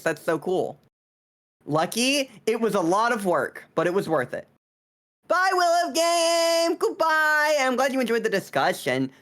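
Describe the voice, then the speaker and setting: A woman streamer chatting casually on a live stream, teasing and bratty in a playful way. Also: deep voice.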